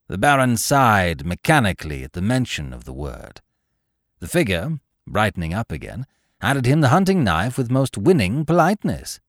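Expressive male audiobook narrator, deep-ish voice. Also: no echo, clean studio sound. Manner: expressive, measured storytelling. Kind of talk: audiobook reading of a classic tale.

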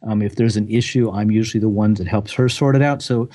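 A man with a somewhat low voice talks through his working habits as an interview guest. His manner is relaxed and reflective, with easy laughter and the odd restart. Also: quick pace. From United States. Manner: relaxed, thoughtful, laughs easily, some restarts. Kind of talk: casual interview answers.

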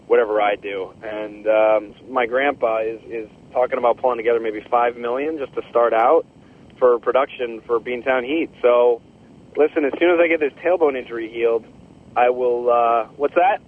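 A man's voice: medium pitch, fairly even intonation, natural voice. A man doing rambling Terrifying Tim on a tinny phone. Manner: rambling, halting, squeals at the end. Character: Terrifying Tim, a boastful young man leaving a phone message.

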